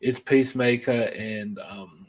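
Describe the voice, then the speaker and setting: A man's voice: fairly low pitch, fairly even intonation, slow pace, slight background noise. A man co-hosting a casual chat about comics and films, rambling and enthusiastic with many restarts. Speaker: podcast co-host.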